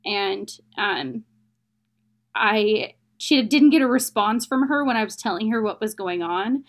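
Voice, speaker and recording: A woman's voice: mid-range voice, a little slow. A young adult woman, an interview guest, telling a personal story in a candid, emotional, plain-spoken way.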